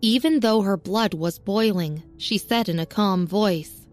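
A woman narrates a serialized story in a steady, even reading voice of medium pitch. Her delivery stays measured from line to line. Soft music sits faintly behind her. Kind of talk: scripted audiobook narration.

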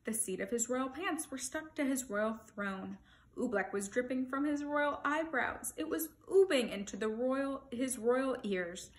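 A woman reading a picture book aloud to children, expressive, with playful asides to her listeners. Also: sits high, unhurried.

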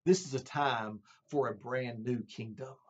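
Casting note: a man playing a weary Roman soldier, exasperated and complaining, husky and pitched high. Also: sing-song, a little slow, fairly bright tone, exaggerated voice. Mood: awed. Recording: dull lo-fi sound.

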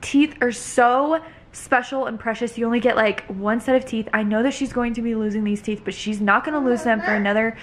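A woman's voice: fairly high pitch, brisk, slight background noise. A young woman vlogging at home, casually telling a family story with lots of "like" and acted-out quotes. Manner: chatty, lots of "like", acts out quotes. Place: home, indoors with toddler.

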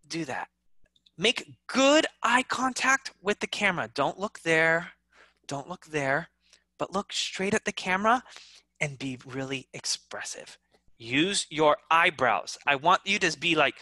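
An English teacher runs an online class at an unhurried pace, animatedly demonstrating every point with wide swings in pitch and volume. There is no room sound.

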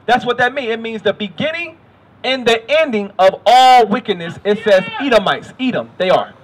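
A man preaching on the street, quizzing a reader and directing him with repeated questions. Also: very high-pitched. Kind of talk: street preaching with call-and-response Bible reading.

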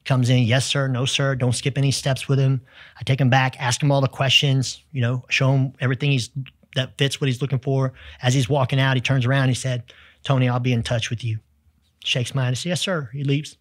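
A Texan man, a sales executive, telling lively business stories as a podcast guest, acting out the people in them. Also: mid-range voice, fairly quick, dry recording, clean studio sound. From United States. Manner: energetic, tells stories with quoted dialogue. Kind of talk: storytelling in conversation.

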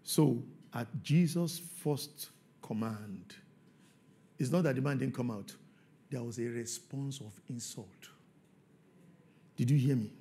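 A man preaching a sermon as pastor, swinging from quiet scripture reading to loud shouting. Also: mid-range voice, slow pace, pauses often.

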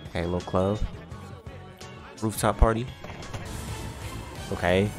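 A man hosting a reaction video, talking casually and excitedly with frequent laughs and slangy asides. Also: fairly low pitch, takes it slowly, music in the background.

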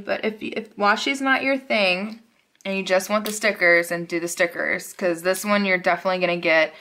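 A woman chatting casually to viewers at her desk at home while unboxing planner supplies, gushing and excitable with chatty asides. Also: mid-range voice, gravelly.

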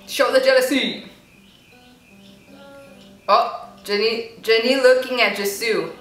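A woman with a fairly high, steady voice speaks slowly while hosting a reaction video from home, chatting playfully and talking back at the screen. The casual commentary is recorded with roomy echo, far from the mic, with faint music behind her.

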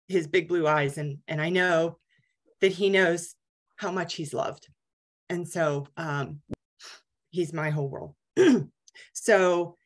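Low-voiced woman telling her story. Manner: candid and conversational, many fillers. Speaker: guest speaker, cancer survivor. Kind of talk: personal story talk.

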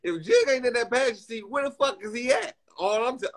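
A young man streaming casual chat, excitable and teasing, laughing often and using crude slang. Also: extremely high pitch, fast, slight background noise.

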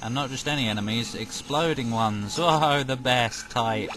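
A man's voice: medium pitch, unhurried, background noise. A British man giving casual let's-play commentary, joking, rambling and letting out sudden startled yelps. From Britain. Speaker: game commentator. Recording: loud game audio over the voice.

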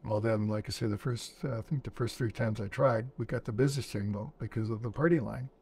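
A man's voice: medium pitch, fairly even intonation, brisk, creaky, a little mellow, husky. A man in his seventies, a veteran interviewee, recounting war memories in a plainspoken storytelling manner and acting out old dialogue. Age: 70s.

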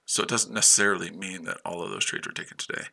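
A man's voice: low-pitched, steady tone, fast talker, creaky, noisy background. A man hosting a trading livestream, brash and profane, chatting to viewers by name and trash-talking rivals. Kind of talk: casual livestream chat.

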